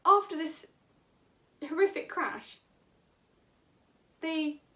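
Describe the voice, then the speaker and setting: A woman with a high voice speaks in an animated, chatty infodump, now and then laughing mid-sentence. She sits a little away from the mic. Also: drawn-out words, recorded from a distance. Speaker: vlogger. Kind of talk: enthusiastic casual infodump.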